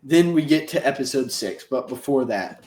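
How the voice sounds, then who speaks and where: Man, podcast host, casual rambling recap, slangy, echoey room, middle pitch. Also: animated, normal speed, a little mellow. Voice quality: rambling, slangy, acts out characters' lines.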